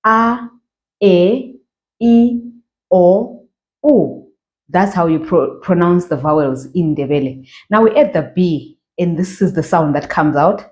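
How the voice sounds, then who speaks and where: A woman from Zimbabwe with a fairly low, dark-toned voice teaches beginners to read. In this slow pronunciation lesson, the language teacher lengthens each model word with patience and checks in using "okay" and "all right."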